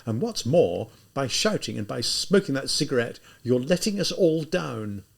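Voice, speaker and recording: A man's voice: medium pitch, big pitch swings, moderate pace, gravelly. A man voicing a feverish young student who answers back indignantly, in an audiobook reading. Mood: defiant.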